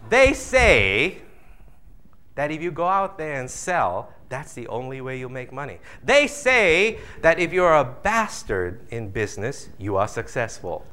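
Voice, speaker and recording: Bright, animated male motivational speaker. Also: mid-range voice, measured pace, smooth. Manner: animated, jokey, acts out audience voices. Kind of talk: live motivational seminar talk.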